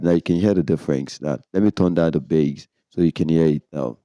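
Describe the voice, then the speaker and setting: With a brisk bass voice, this tech tutorial host calmly explains gear one step at a time in a casual video, saying "so" frequently. The sound is clean studio audio without echo, recorded on a condenser microphone via a sound card.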